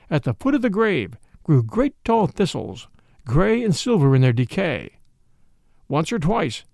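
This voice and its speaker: Gravelly, expressive male storyteller. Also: a little high, dry recording, studio quality. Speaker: narrator. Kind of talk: audiobook reading of a classic mystery.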